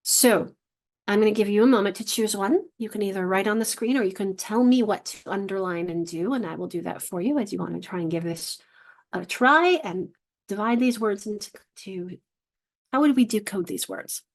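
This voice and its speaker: A woman literacy instructor leading an online workshop for teachers, encouraging and sounding out syllables slowly. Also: medium pitch.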